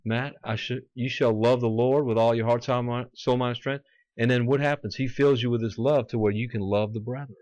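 A man's voice: mid-range voice, steady tone, fairly quick, a little mellow, dry recording, highs cut off. A man preaching a fervent sermon, quoting scripture and acting out mocking voices.

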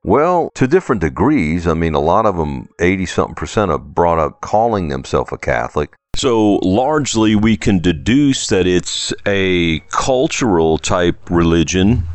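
A man's voice: deep voice, no echo. A man with a New Orleans accent preaching a sermon, emphatic and full of pointed rhetorical questions.

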